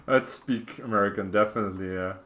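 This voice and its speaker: A man with a Dutch accent chats loosely over a city-building game, often trailing off and correcting himself. His voice sits fairly low. Faint keyboard typing can be heard behind him. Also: a bit bright, a little hiss or hum. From Netherlands. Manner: rambling, self-correcting, chatty asides. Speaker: streamer. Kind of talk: casual gameplay commentary.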